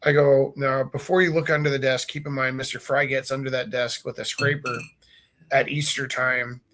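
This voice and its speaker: Mid-range in pitch and moderate in pace, this male art teacher in his forties tells loose, jokey stories over his painting. He gets animated, voicing his students as he recounts what they did.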